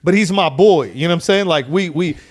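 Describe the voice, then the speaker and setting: A man in his thirties, a podcast guest telling stories in casual, profane, animated chat. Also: high voice, a little fast.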